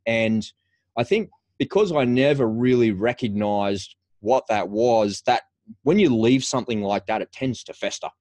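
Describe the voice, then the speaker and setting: A man's voice: mid-range voice, normal speed, a little mellow, no room sound. Frank middle-aged man, dry close sound. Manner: frank, conversational, restarts phrases often. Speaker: podcast guest, former paratrooper. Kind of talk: candid storytelling in a podcast interview.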